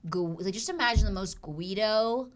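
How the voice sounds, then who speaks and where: Animated, swearing woman podcast host. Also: medium pitch, normal speed. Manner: animated storytelling, swears freely. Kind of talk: casual podcast chat.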